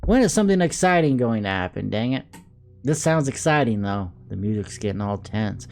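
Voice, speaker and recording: A man's voice: on the low side, big pitch swings, brisk, creaky. A young man reading a visual novel aloud for a let's play, breaking in with wry, joking asides. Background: soft game music.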